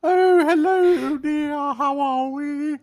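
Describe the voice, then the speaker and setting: A man putting on the voice of a seventy-year-old English corner-shop lady in a game role-play, in a high quavering falsetto. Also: slow, darkish tone, heavily acted. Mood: sweet.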